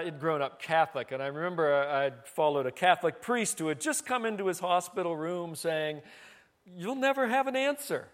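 Earnest conversational preacher man. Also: fairly high pitch. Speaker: pastor. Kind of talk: sermon.

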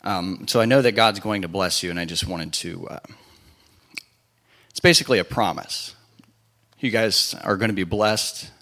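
A man with a very deep voice, a guest at a church service. He speaks softly and hesitantly, with many small pauses. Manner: soft-spoken, hesitant.

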